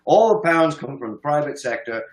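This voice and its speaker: A man's voice: a little high, animated, moderate pace. Emphatic fifty-year-old man, echoey room. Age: 50s. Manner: emphatic, swearing, laughs scornfully. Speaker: guest commentator. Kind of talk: heated political discussion.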